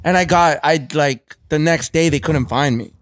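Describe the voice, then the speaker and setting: A man's voice: a little high, normal speed, dry recording, studio quality. A man co-hosting a podcast, telling a loose, rambling story in casual chat.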